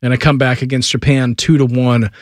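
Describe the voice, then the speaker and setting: Chatty Midwestern sports radio host. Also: male voice, medium pitch, little pitch movement, fast talker, dry recording, studio quality. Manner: chatty, laughs while telling stories. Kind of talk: casual sports radio chat.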